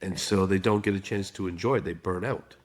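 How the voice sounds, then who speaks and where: A man's voice: sits low, fairly even intonation, a little fast. A middle-aged man, a guest expert in a podcast interview, telling stories and acting out quotes. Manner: storytelling with acted quotes.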